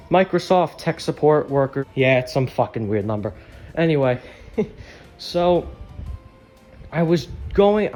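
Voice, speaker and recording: A young YouTuber with a mid-range, darkish voice chats casually and candidly with his viewers, rambling a bit and swearing freely.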